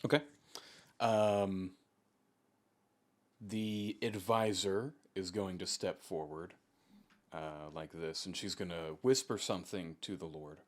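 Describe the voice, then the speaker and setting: A man acting as game master, narrating a tabletop game in a calm, measured way. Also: deep voice.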